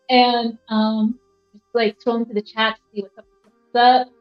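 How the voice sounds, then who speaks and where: A woman's voice: on the high side, little pitch movement, measured pace, faint music behind. A young woman hosting a casual livestream, rambling with lots of fillers and reading chat aloud from a rented apartment. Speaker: livestream host. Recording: roomy, slightly dull sound.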